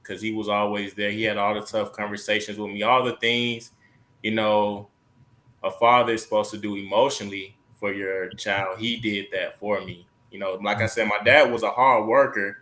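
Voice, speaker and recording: Low-voiced reflective man. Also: fairly even intonation, moderate pace, a bit bright. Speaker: panel guest. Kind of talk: casual panel chat.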